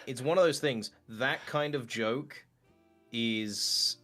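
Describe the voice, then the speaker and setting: A man being interviewed as a guest voice actor, chatting casually and telling animated stories. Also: medium pitch, takes it slowly, soft background music. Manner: animated storyteller, quotes voices.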